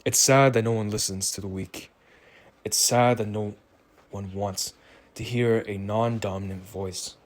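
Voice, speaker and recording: A man with a fairly low voice drifts through a reflective solo monologue, rambling and unhurried. He sounds tired and muses aloud at a slow, thoughtful pace. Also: steady tone. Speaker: vlogger.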